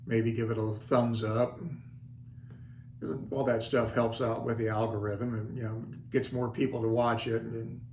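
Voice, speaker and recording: On his own channel, this older host spins a casual vlog story with folksy, wry humor at his own expense. He speaks at a medium pitch, with slight background noise, a roomy echo, and faint ambience.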